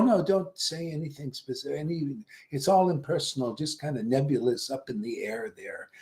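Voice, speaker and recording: Brief: male spiritual teacher, slightly high voice, blunt and swearing, loud-to-mutter swings, laughs a lot. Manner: blunt and profane, swinging between loud bursts and muttered asides; laughs often. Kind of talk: informal devotional lecture.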